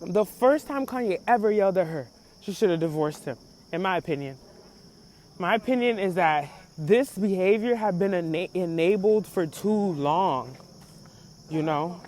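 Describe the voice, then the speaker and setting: A woman's voice: lowish voice, moderate pace. Laughing, slangy woman podcast host. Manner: laughing, slangy, animated storytelling. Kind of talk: casual commentary.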